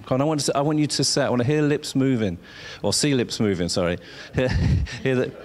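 A man preaching an informal sermon, halting and repeating himself as he coaxes listeners to speak along. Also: mid-range voice, animated, a little hiss or hum.

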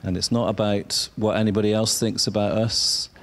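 A man with a lowish, fairly flat voice preaches informally, pausing and repeating lines while coaxing the audience to say the words with him. A faint hiss or hum sits under the recording.

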